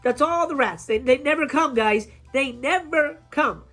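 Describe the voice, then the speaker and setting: A woman's voice: sits high, unhurried, soft background music. A woman reviewing horror films in a casual, profane rant, acting out scenes in quoted voices. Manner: animated, swears a lot, acts out scenes in quoted voices. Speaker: film reviewer.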